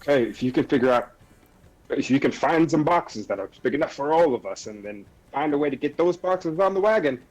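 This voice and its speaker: A man's voice: on the high side, lively intonation, a little fast, a little mellow, poor audio. A man playing a tabletop game, working through plans in a practical way. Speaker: player. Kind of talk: casual tabletop play.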